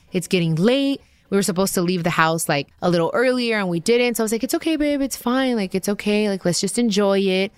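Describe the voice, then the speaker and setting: A woman in her thirties with a somewhat low voice tells a personal story in a chatty, animated way, leaning on fillers and acting out quoted lines. The sound is dry and close, with no room around it. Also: no room sound. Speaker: podcast host. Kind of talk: casual storytelling.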